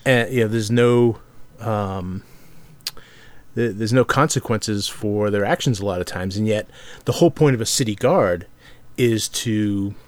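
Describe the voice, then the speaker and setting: A man talking casually about tabletop games as a podcast co-host, halting often with fillers and restarts. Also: fairly low pitch, darkish tone, dry recording. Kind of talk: casual discussion.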